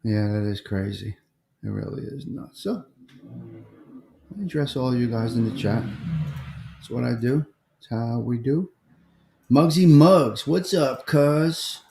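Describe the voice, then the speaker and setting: A man's voice: medium pitch, a little slow, creaky, long pauses, dark tone, roomy sound, a little hiss or hum. A middle-aged American man, hosting a casual live-stream chat, greeting viewers by name and drifting from topic to topic. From United States. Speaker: livestream host.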